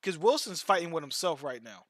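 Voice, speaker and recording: With a sing-song voice on the high side, fairly bright and fairly quick, a man streams and chats in a relaxed way. He rambles through long, slangy stories, often restarting and repeating words. The studio-quality sound has no echo.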